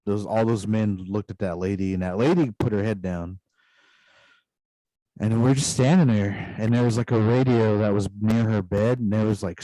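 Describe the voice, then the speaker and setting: A man's voice: on the low side, warm tone, dry recording, rough recording. A man casually retelling a long dream on a podcast, rambling loosely with constant asides. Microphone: podcast microphone.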